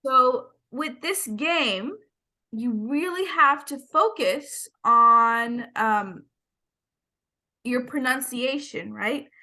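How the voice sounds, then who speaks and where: A woman's voice: sits high, drawn-out words, pushed and bright. A woman teacher giving patient, step-by-step classroom instructions over a video call.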